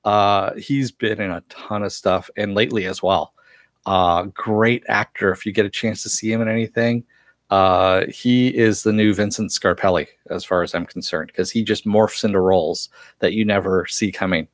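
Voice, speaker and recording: A man with a fairly low voice, talking through a TV episode in a loose, chatty recap. He chuckles often and leans on fillers as he retells the scenes. The sound is dry and close, with no room around it. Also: fairly even intonation, normal speed, dry recording. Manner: chatty, laughs often, frequent uh fillers while recounting scenes. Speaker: TV episode reviewer. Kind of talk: casual spoken recap and review.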